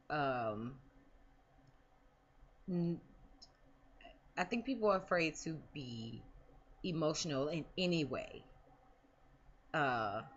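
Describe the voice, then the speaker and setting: A woman's voice: sits low, fairly bright tone, dull audio. A woman talking casually in a personal vlog, rambling with many fillers and restarts. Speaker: vlogger.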